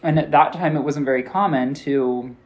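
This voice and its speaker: An American man talks through an interview at an ordinary middle pitch, loose and conversational. He strings his thoughts together with fillers and slips into quoting people as he tells a story. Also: normal speed. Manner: chatty storyteller, acts out quoted dialogue, many "like" fillers. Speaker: interview guest, linguistics professor. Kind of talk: casual interview answers.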